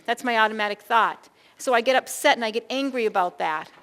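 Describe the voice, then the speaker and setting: Middle-aged female keynote speaker, animated, talks straight to a room of educators. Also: fairly high pitch, a little fast. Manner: animated, addresses audience as folks, acts out quoted thoughts. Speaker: school behavior consultant and keynote speaker.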